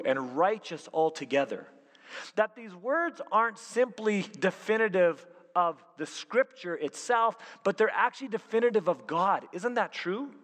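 A man preaching as a youth pastor, animated and full of rhetorical questions. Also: high-pitched. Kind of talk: sermon. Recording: long hall reverb.

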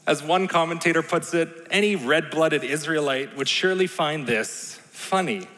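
A man's voice: on the high side, moderate pace, fairly bright tone. A man preaching a sermon in a conversational, playful way, often checking in with the room. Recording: long reverb in a large hall.

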